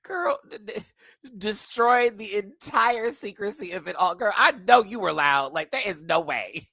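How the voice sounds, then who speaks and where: A man's voice: high voice, slow, creaky, no room sound. A man giving a live reaction review of a reality show, laughing often and breaking into impressions. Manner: animated, laughing, doing impressions.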